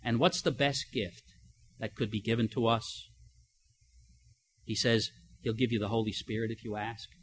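A man's voice: fairly low pitch, steady tone, normal speed, pauses often, a little hiss or hum. An older man preaching a sermon in a conversational way, telling everyday stories and asking rhetorical questions. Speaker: pastor.

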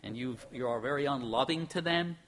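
A middle-aged man preaching a sermon in an earnest, emphatic way, moving between soft and loud. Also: medium pitch, fairly quick, slight background noise. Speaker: pastor.

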